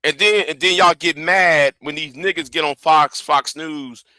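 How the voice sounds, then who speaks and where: A man's voice: fairly high pitch, measured pace, bright, forceful tone, dry recording. A man hosting a livestream, ranting angrily and profanely, often repeating himself and stumbling over words. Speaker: livestream host. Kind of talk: heated livestream rant.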